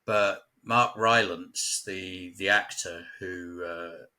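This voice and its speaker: A man's voice: sits low, fairly even intonation, slow pace, sharp tone. An English man from West London, chatting casually as a local guest and telling stories with frequent laughs. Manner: chatty storyteller, laughs often. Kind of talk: casual conversation.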